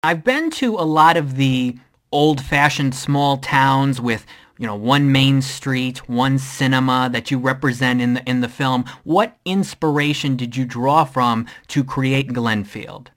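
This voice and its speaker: An interviewer keeps the chat light and casual, praising the film and asking follow-up questions. The voice sits at a middle pitch, with quick agreeing interjections.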